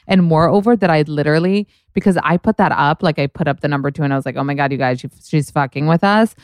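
A woman's voice: deep voice, fast, hardly any pauses, dry recording. A young woman hosting a podcast in casual chat, gushing, swearing a lot and saying "like" constantly. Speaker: podcast host.

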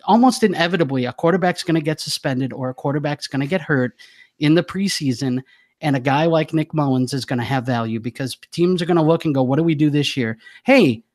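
A man's voice: fairly high pitch, fast, darkish tone. A man co-hosting a casual podcast, bantering wryly and then laying out an argument. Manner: wry, self-mocking banter. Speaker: podcast co-host.

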